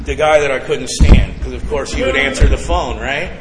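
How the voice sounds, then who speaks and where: A man sharing his recovery story with a live audience, animated and profane, talking straight to the crowd. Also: medium pitch, moderate pace, music in the background. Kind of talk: personal testimony to a live audience. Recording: reverberant hall with audience.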